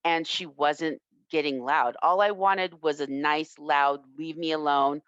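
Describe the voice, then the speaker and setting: Low, slow-talking woman instructor. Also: fairly bright tone, no echo. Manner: reflective, earnest, halting. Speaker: self-defense instructor. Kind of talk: interview answer, personal story. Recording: dull lo-fi, dry sound.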